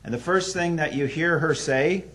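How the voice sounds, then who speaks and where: A man preaching an evening sermon, telling a story earnestly, with sudden swings between loud emphasis and hushed drops. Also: a little high, moderate pace.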